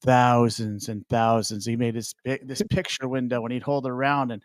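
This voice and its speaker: A man's voice: mid-range voice, flat delivery, moderate pace, no room sound. A man tells an old story in casual podcast chat and laughs as he goes. His voice sits mid-range, recorded close and dry with no room sound.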